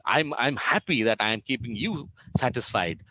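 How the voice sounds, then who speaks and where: A man telling it as a humble, gentle monkey devotee. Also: mid-range voice, lively intonation, normal speed, no echo, lo-fi sound. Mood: earnest.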